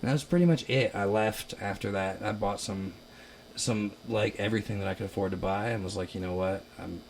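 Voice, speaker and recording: A young man from Ohio, a musician guest, telling stories in a casual chat, animated and laughing, loudly acting out quotes. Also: on the low side, a little fast, a little hiss or hum. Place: basement.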